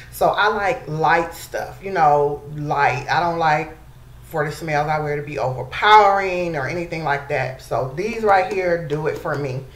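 A woman chatting casually to her viewers in a beauty vlog, calling them y'all. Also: sits low. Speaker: beauty vlogger. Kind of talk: casual chat to camera. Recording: echoey room, faint background noise.

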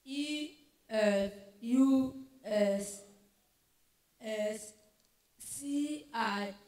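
A woman or girl contestant spelling words letter by letter in a hesitant, halting way. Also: on the high side, darkish tone. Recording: echoey hall, distant mic.

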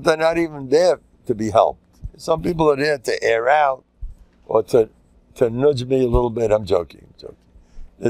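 A man's voice: fairly high pitch, vocal fry, dry recording, rough recording. Older man, a joking rabbi lecturing. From USA. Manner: joking, animated, full of Yiddish and Hebrew terms. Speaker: rabbi giving a class. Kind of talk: informal Torah lecture.

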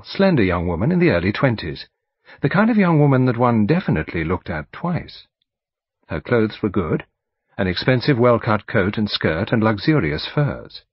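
A man with a British accent, reading a mystery audiobook aloud in a measured, expressive manner. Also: fairly low pitch, breathy edge, no room sound. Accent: British English. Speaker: audiobook narrator. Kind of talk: scripted narration. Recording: dull dry studio recording.

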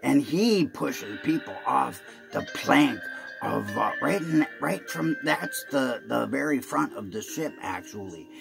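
A man's voice: medium pitch, lively intonation, takes it slowly, creaky, music in the background. A man rambling through a playful homemade video sermon, slipping into pirate talk. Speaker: video preacher.

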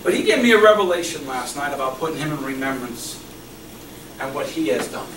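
A man preaching a sermon as a pastor, passionate, swinging between loud emphasis and hushed repetition. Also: a little high, brisk. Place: church hall. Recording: echoey room recorded from far off with background noise.

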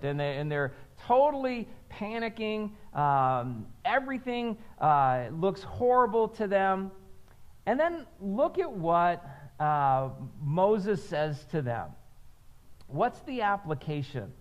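A man's voice: sits high, sing-song, slow pace, dull audio. A man pastor preaching a sermon in a conversational way, often checking in with "right?" and having the congregation repeat phrases.

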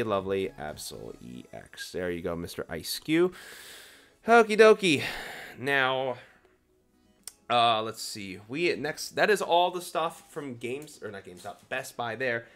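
A chatty young man talks through a card opening in a casual, playful way. His voice is animated and swings up and down in pitch while he teases each pull, and faint music plays quietly behind him. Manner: chatty, excitable, playfully teasing the cards. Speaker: card-opening video host.

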